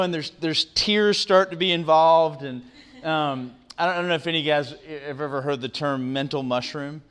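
This middle-aged guest speaker has a slightly high, clean, somewhat bright voice and talks at a normal speed. In a university lecture room, he motivates students conversationally, often asking questions and adding "right?"

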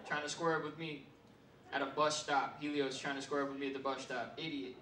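A man doing stand-up, telling a profane story with loud bursts and laughs. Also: medium pitch, little pitch movement, a little fast, slight background noise. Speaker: comedian. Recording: roomy stage sound from far mic, audience.

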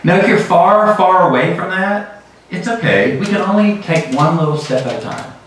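A middle-aged man giving a lively sermon as a guest speaker, often breaking into laughter and acting out sounds. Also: sits high, normal speed, recorded from a distance, noisy background. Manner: lively, laughing often, acts out sheep calls. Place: large church sanctuary. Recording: very echoey church hall from afar.

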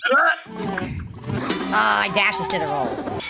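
Deadpan man over loud game music. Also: sits high, slow pace, creaky. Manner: flat, deadpan, mild swearing. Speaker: gameplay streamer. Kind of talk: playing a game while commenting.

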